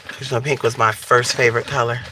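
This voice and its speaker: A man's voice: mid-range voice, level tone, quick pace. A man live-chatting with viewers from his car, sassy and profane, calling them "honey" and saying he is losing his voice. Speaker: vlogger. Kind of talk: casual live-stream chat. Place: in a car at a gas station. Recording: noisy phone audio in a car. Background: car and traffic noise.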